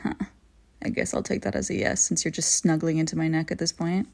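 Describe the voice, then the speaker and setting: A young woman in a whispered role-play as an affectionate roommate, talking softly with gentle teasing. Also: sits low, fairly even intonation, fairly quick, gravelly. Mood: tender. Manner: soft, teasing and tender. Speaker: audio role-play performer.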